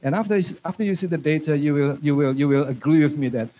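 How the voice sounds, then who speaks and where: A man lectures a room of teachers in a chatty, joking manner. His voice sits a little high for a man, and now and then he slips into phrases. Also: quick pace, few pauses, mellow, a little hiss or hum. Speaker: conference speaker on English teaching. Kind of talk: lecture to an audience.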